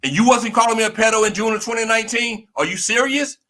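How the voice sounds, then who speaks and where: A man's voice: high-pitched, fast, sharp tone. A man hosting a heated live debate, insistent, breaking in by repeating the other man's name and pressing his questions. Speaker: channel host.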